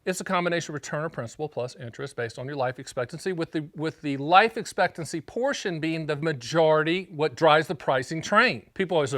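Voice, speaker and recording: A man from North Carolina hosting his own show as an annuity agent, talking straight to camera in an energetic, joking, emphatic way. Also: a little high, quick pace, hardly any pauses, no echo, clean studio sound. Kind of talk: casual direct-to-camera explainer.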